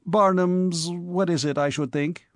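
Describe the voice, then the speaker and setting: A man's voice: high voice, fairly even intonation, a little slow, no echo, voice pushed up. A breezy young lord chats in an offhand, chummy way, as a man voices him for an audiobook. His voice is raised a little and the recording is dry.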